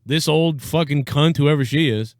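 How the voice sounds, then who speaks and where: A man's voice: on the high side, normal speed, no echo, studio quality. A young man hosting a live reaction stream, talking bluntly and sarcastically, with plenty of swearing. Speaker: live-stream show host. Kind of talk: casual political reaction stream.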